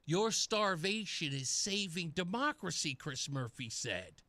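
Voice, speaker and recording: A man's voice: a little high, big pitch swings, a little slow, hardly any pauses, sharp tone, no room sound. A man hosting political talk radio, delivering sarcastic, mocking commentary. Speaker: radio talk show host.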